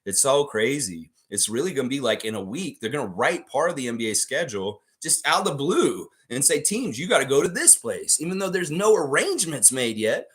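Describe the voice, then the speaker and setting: A man's voice: medium pitch, brisk, hardly any pauses. Man ranting heatedly, voice leaping around. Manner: excitable, emphatic. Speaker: host of a fan basketball show. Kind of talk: live sports preview rant.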